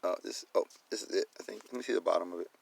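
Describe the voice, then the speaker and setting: A man ranting casually on a livestream, swearing constantly, then slowly reading legal text aloud. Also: low voice, gravelly, breathy edge, low-quality recording. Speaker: video maker showing his documents. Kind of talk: casual profane livestream rant.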